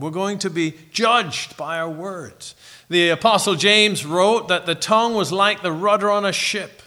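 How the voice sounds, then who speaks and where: A middle-aged man preaching a sermon in an earnest, reflective way, pausing and restarting as he tells a story. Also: sits high, bright, forceful tone.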